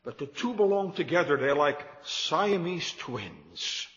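A man's voice: fairly high pitch, very animated, takes it slowly, fairly bright tone, in a large hall, lo-fi sound. A man preaching a sermon to his congregation, emphatic and repetitive, building his points with rising emphasis. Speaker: pastor.

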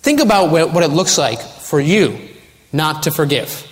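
A man's voice: on the high side, very animated, normal speed. A man preaching a sermon as pastor, earnest and building to urgent warnings. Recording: long hall reverb.

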